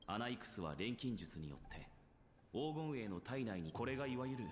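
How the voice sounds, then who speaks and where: An actor voicing a scholarly male alchemist in a game, measured and explanatory. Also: mid-range voice, big pitch swings, long reverb tail, a little hiss or hum, close to an everyday voice. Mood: explaining. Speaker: game character. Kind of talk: Japanese game voice acting.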